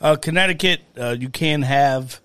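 A man's voice: on the high side, normal speed, bright, forceful tone, clean tone, no echo. A man co-hosting a podcast in casual group chat, self-mocking and a little hesitant. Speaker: podcast co-host.

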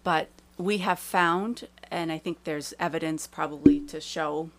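A woman's voice: deep voice, steady tone, unhurried. A woman guest in a casual interview, a paranormal researcher who explains things in a friendly way with small hesitations.

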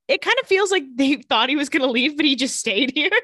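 A woman's voice: high-pitched, animated, a little fast, fairly bright tone, no echo, studio quality. A woman co-hosting a casual TV recap podcast, retelling scenes in a playful, sassy way. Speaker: podcast co-host.

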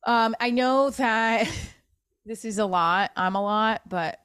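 A woman's voice: fairly high pitch, takes it slowly, a bit bright, clear, resonant tone, no echo, clean studio sound. A woman hosting a podcast alone, talking in an upset, self-critical way, swearing and restarting her sentences. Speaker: podcast host. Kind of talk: emotional solo podcast monologue.

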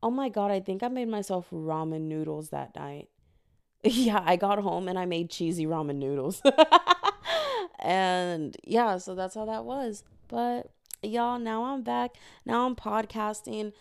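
Gravelly, chatty young woman podcaster. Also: medium pitch, measured pace, no echo, clean studio sound. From United States. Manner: animated, profane, chatty. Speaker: podcast host. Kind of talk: casual solo podcast storytelling.

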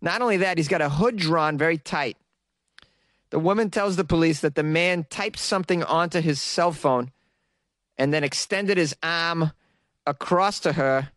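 A man's voice: fairly high pitch, fairly bright tone, no room sound. A man from Boston hosting a comedy news segment, teasing and sarcastic and laughing often. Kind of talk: mocking comic commentary on weird news.

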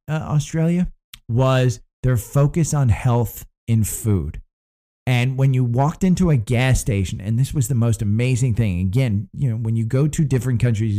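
Casting: American male market-show host, mellow tone, loose off-the-cuff delivery full of "uh"s and restarts. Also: medium pitch. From United States. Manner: rambling, frequent fillers and restarts. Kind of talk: casual market commentary.

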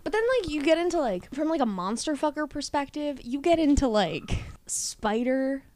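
Young woman podcast cohost, crude and loud-mouthed, kinda high voice. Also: animated, moderate pace, dry recording. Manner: brash, bawdy, swears freely. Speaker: podcast co-host. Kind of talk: casual chat.

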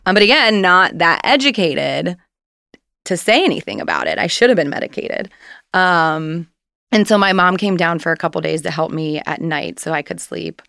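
A woman's voice: lowish voice, expressive, moderate pace, vocal fry, pushed and bright, no echo, clean studio sound. A woman in her thirties, a guest candidly recounting a personal story in casual, rambling conversation.

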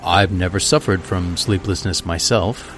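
A man's voice: deep voice, measured pace, music in the background. A man voicing a polite, hesitant young artist in a storybook reading, in a diffident, conversational tone.

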